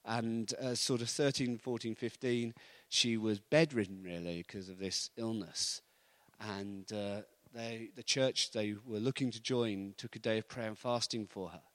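A man preaching, telling stories in a lively, anecdotal way and chuckling often. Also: on the low side, unhurried. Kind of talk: storytelling sermon.

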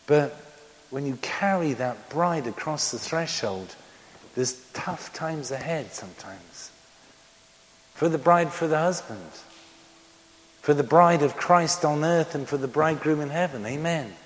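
A man in his sixties preaches a sermon in a slightly high, unhurried voice, joking and telling stories between repeated amens. He comes across as an animated, humorous storyteller. The recording was made in a reverberant hall with faint noise.

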